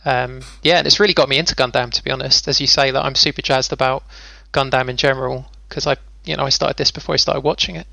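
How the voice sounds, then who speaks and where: Bright, gravelly man in a flat tone. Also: mid-range voice, quick pace, hardly any pauses, no echo, rough recording. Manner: enthusiastic, chatty, lots of "like". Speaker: podcast co-host. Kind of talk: casual chat.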